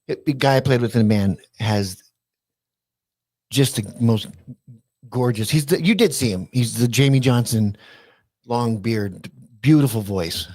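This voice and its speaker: A man's voice: medium pitch, measured pace, pauses often, darkish tone. A man co-hosting a podcast in casual chat, teasing his co-host with profane banter.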